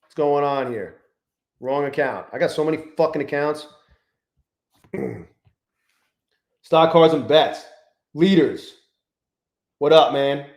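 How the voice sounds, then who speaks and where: Man on a live trading stream, fairly high voice, swears freely, greets his chat, echoey room. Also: takes it slowly, long pauses, darkish tone. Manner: profane, loose, reads out and greets chat viewers.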